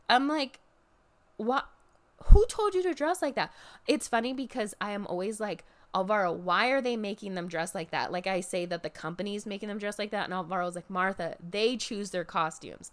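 A young woman in casual chat, recapping a wrestling event. She talks in a lively way and jumps into high mocking voices when she quotes people.

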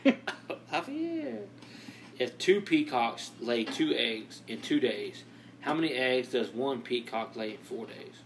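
A man's voice: mid-range voice, measured pace, a little hiss or hum. A man co-hosting a casual comedy podcast, posing riddles and laughing often. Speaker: podcast co-host.

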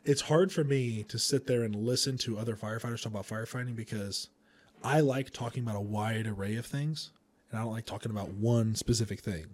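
A man hosting a podcast, a firefighter chatting casually in a rambling way with frequent chuckles and quick asides. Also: medium pitch, darkish tone. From Indiana.

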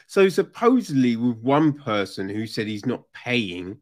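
A man giving casual, sarcastic true crime commentary, animated and full of swearing. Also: mid-range voice, a little slow, hardly any pauses.

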